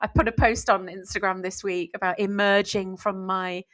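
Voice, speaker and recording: Middle-aged woman, author and co-host, candid and reflective, mid pitch. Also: steady tone, moderate pace, fairly bright tone. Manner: open, reflective, leans on "you know". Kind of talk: casual podcast chat.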